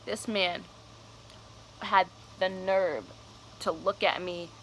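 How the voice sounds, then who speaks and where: A woman's voice: lowish voice, fairly even intonation, slow pace, a little hiss or hum, rough recording. A young woman telling a personal story on her vlog, casual, candid and cursing freely. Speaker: vlogger.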